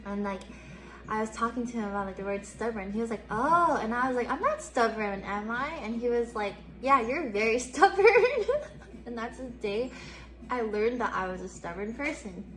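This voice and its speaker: A woman's voice: on the high side, big pitch swings, normal speed. A young woman streamer in her twenties telling stories in a casual chat, giggling often and swearing casually.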